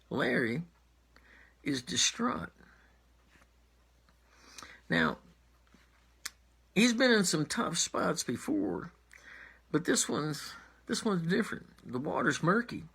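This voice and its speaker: A man telling a tall tale in a halting, suspenseful way, dropping to a hush at tense moments. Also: high-pitched, vocal fry, husky. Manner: halting, restarts, drops to whispers for suspense. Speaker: storyteller.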